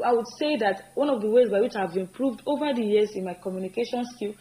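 A woman teaching English grammar in an earnest, encouraging way, repeating each example sentence slowly and with emphasis. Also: mid-range voice, warm tone, poor audio. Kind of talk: spoken grammar lesson.

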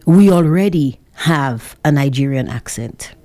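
A woman's voice: low-pitched, lively intonation, measured pace, dark tone. A woman from Saint Lucia with a Saint Lucian accent, delivering an opinionated monologue full of sarcastic rhetorical questions to her listeners. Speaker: social commentator.

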